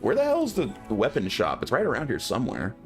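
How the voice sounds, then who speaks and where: A man's voice: mid-range voice, huge pitch swings, fairly quick, a little mellow, soft background music. A man streaming a video game, giving casual commentary and chatting aloud to his viewers. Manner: chatty, musing aloud to chat.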